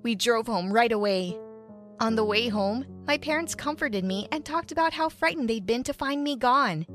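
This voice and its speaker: A woman narrating a first-person story in an animated way, acting out the characters' lines. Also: a little high. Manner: animated, voices characters in quotes. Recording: soft music behind.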